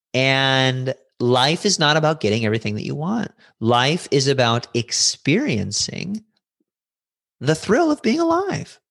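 A middle-aged man talking as a podcast guest, telling personal stories in an animated way, jumping up in pitch when excited and acting out other people's lines. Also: measured pace, vocal fry, no echo, clean studio sound. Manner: acts out other voices in his stories. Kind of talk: reflective storytelling conversation.

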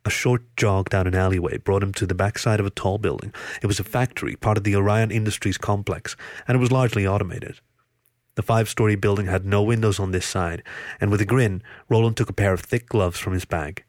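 A man reading a story aloud in a steady, even narration. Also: lowish voice, fairly quick, no echo. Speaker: audiobook reader.

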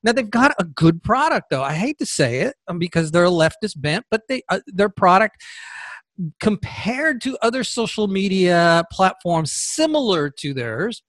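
Guy ranting on his podcast, high voice, snarky and combative, dry close sound. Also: very animated, normal speed, fairly bright tone, no room sound. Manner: sarcastic, combative. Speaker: podcast host. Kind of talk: opinionated political commentary.

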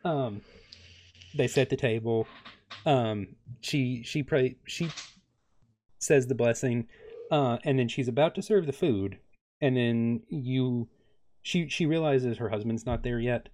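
A young man running a tabletop game, narrating scenes in a plain, mid-pitched voice. He halts often on ums and uhs while he thinks aloud and jokes with his players. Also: slow, pauses often, a little mellow. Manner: hesitant, many ums and uhs. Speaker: game master.

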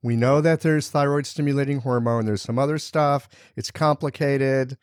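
A man's voice: medium pitch, moderate pace, no echo, clean studio sound. A man hosting a casual interview, asking curious follow-up questions. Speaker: podcast host.

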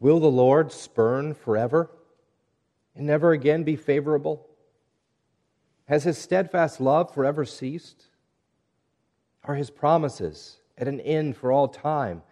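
A man preaching a sermon, reading scripture and speaking in a measured, earnest way that drops to hushed tones at times. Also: fairly high pitch. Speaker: pastor.

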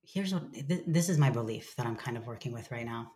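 A woman's voice: very deep voice, animated, fairly quick, dark tone, slight background noise. A woman speaking as a guest in a candid, reflective conversation, swearing casually and acting out her own inner voice.

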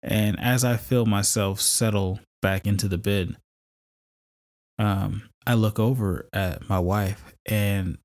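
A man's voice: lowish voice, steady tone, takes it slowly, a little mellow. A married man with children who hosts a podcast, telling a personal faith story in a conversational, storytelling way with fillers and laughs. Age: adult, married with kids. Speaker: podcast host.

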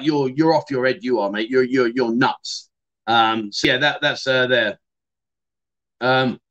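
A man's voice: a little high, a bit bright, muffled recording. A middle-aged man, hosting a casual livestream and chatting loosely with many fillers and restarts. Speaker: livestream host.

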